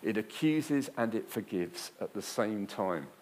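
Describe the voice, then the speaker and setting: A man preaching a sermon, emphatic, swinging from loud bursts to quiet and repeating phrases for weight. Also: lowish voice, lively intonation, a little slow.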